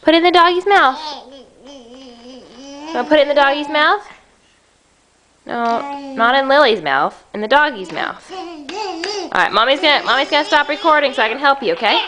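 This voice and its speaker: A mother talking to her toddler in sing-song baby talk, coaxing and gentle, filmed at home on a handheld camcorder. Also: high voice, expressive, normal speed, long pauses, a crowd in the background. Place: at home indoors.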